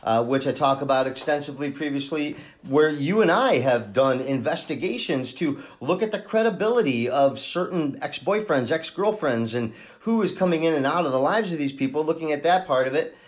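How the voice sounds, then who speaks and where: A man hosting a true-crime podcast, thinking aloud in a halting way with many restarts as he talks through a case. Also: fairly high pitch, lively intonation. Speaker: podcast host and case investigator.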